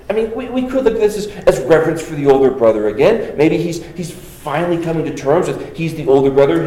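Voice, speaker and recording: A man's voice: sits high, a little mellow, echoey room, rough recording. A man giving an exegetical Bible lesson, reading passages aloud and then commenting with rhetorical questions and repeated phrases. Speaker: Bible teacher.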